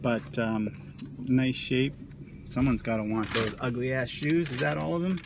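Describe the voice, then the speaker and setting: A man's voice: medium pitch, steady tone, a little slow, gravelly. A man talking casually to the camera in a vlog, chatty and self-mocking, recorded in a car. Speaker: vlogger. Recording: loud car and road noise.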